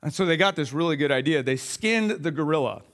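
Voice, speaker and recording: Youngish pastor guy, fairly high voice, animated jokey storytelling in a sermon. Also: brisk.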